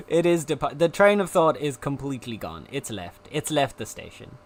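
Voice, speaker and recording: A young adult streamer with a slight South African accent, chatting casually and rambling between topics with frequent giggles. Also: mid-range voice. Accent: slight South African, between British and American. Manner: giggly, rambling, easily sidetracked. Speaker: live streamer.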